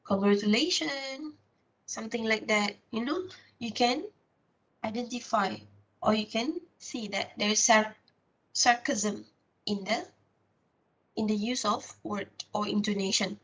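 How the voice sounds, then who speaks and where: A woman giving a classroom lecture, explaining step by step with many filler pauses and restarts. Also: mid-range voice, a bit bright, poor audio.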